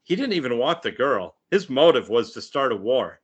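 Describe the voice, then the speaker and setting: A man's voice: mid-range voice, very animated, moderate pace, slightly rough. A man joining a casual podcast chat who thinks aloud with many "um"s and restarts. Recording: dull lo-fi sound.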